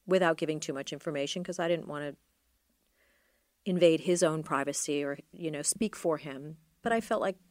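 Middle-aged woman, lowish voice, dry close sound, rambly halting storytelling. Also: a little mellow, dry recording. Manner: halting, trailing off, many fillers. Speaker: interview guest. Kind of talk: reflective personal storytelling.

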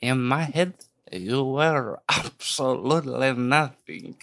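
A man's voice: medium pitch, takes it slowly, vocal fry, fairly bright tone, a little hiss or hum, voice pushed down. A man voicing a creepy, flirtatious German man on a phone call, talking in a smarmy, suggestive way. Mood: leering.

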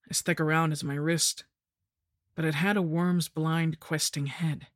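A woman narrating a horror story in the first person, with a measured, grim delivery. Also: low voice, steady tone, no echo, studio quality. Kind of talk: scripted narration.

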